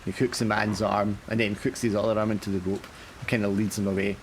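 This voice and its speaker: Gravelly low-voiced male game master. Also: level tone, fast, a little hiss or hum. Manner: casual, many fillers. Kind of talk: narrating a tabletop horror game.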